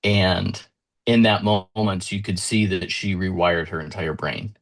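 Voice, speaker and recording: A man's voice: low voice, fairly even intonation, a little slow. A man in his thirties giving an earnest motivational talk, retelling conversations with his young daughter in small shifts of voice. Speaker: motivational speaker.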